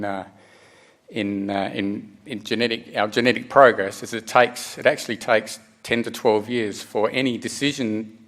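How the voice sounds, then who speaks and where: A middle-aged man presents at a conference in a mid-pitched voice. He explains step by step and often stops to restart a phrase or fill a gap with "uh" and "um". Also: vocal fry, a bit bright. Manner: halting, many restarts and fillers. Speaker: conference speaker. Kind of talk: technical presentation.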